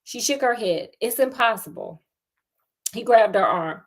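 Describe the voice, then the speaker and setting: Woman storyteller, spooky story reading, sassy laughing asides, mid-pitched voice. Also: expressive, normal speed.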